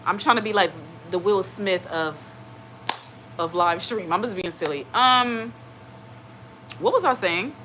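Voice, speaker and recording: Over a noisy background, a woman chats casually on her live stream in an unhurried, medium-pitched voice with long pauses. She wanders from topic to topic, reading comments aloud and comforting viewers with frequent "okay?" check-ins.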